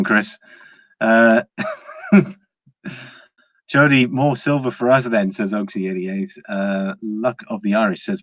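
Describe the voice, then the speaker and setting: A man's voice: on the low side, dry recording. Chatty British man reading stream comments. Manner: rambling, with frequent fillers and restarts. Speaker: live-stream host. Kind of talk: casual live-stream chat, reading viewer comments. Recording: dry, slightly dull lo-fi sound.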